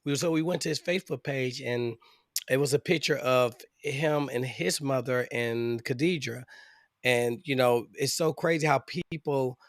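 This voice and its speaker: A man's voice: mid-range voice, normal speed, dry recording, studio quality. A man co-hosting a casual true-crime podcast, rambling and restarting as he lays out a case. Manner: rambling, full of fillers and restarts. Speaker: podcast co-host.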